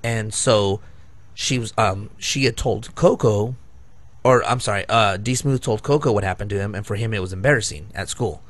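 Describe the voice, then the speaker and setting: A man's voice: on the low side, normal speed. A man in his thirties telling long, rambling, profane stories on a casual podcast, often laughing at himself. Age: 30s. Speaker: podcast co-host. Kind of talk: casual storytelling.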